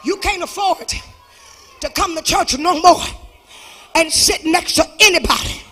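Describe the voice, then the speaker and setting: A woman preacher delivering a Pentecostal sermon. She shouts and chants her lines, with a rhythmic "uh" between phrases, and at times speaks in tongues. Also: very high voice, unhurried, soft background music.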